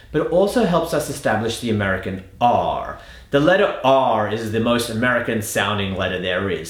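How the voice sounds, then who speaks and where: A man coaching an accent lesson, his pitch rising and falling a great deal as he stresses points. He sounds energetic and emphatic. The room around him is roomy and echoey. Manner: lively, emphatic teaching delivery. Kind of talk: instructional lesson.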